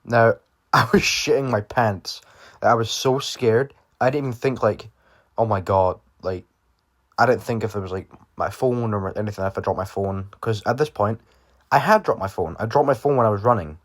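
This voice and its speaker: Speaking at a moderate pace in a lowish voice, a young man from Britain rambles through a personal story for his viewers. The vlogger swears often and leans on fillers.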